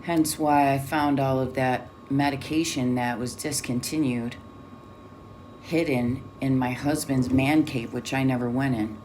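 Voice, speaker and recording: A woman with an unusually low, deep voice talks straight to camera, blunt and full of swearing. She tells her own story candidly, with a faint hiss of noise behind her. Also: fairly even intonation, a little slow, darkish tone. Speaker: vlogger.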